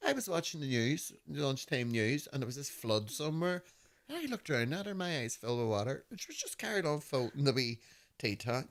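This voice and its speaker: A man in his fifties with a Belfast accent, co-hosting a podcast and telling animated, laughing stories that act out voices. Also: medium pitch, fairly quick. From Northern Ireland. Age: 50s. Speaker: podcast host. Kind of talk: casual storytelling chat.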